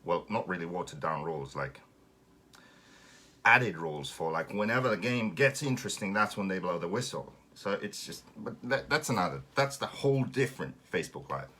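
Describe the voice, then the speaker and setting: A man's voice: low voice, moderate pace. A man from Finland with a Finnish accent, hosting a casual live stream and ranting sarcastically with plenty of swearing. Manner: sarcastic, swearing, animated rant.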